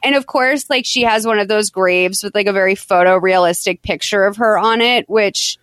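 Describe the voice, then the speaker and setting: A woman hosting a podcast, chatting casually as she retells a movie plot in an animated way. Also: medium pitch, normal speed, no echo. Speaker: podcast host. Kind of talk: casual chat recapping a movie.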